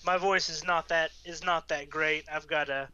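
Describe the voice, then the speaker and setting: A man's voice: fairly high pitch, steady tone, moderate pace, sharp tone, clear, resonant tone, highs cut off. A man with a Southern US accent, chatting casually in a panel discussion and often restarting his sentences. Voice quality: hesitant, many restarts.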